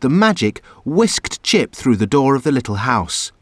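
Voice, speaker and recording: A man narrating a children's storybook aloud in an expressive, animated way. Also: medium pitch, normal speed, over loud music.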